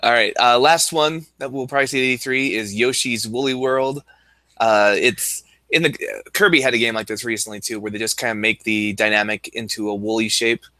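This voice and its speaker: A man co-hosting a casual podcast, relaxed, giving quick verdicts on games. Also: medium pitch, no echo. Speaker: podcast co-host. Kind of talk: casual chat.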